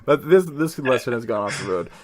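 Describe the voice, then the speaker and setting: A man's voice: medium pitch, lively intonation, fairly quick, a little mellow. A man co-hosting a casual comedy podcast, rambling crudely and laughing often. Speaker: podcast co-host.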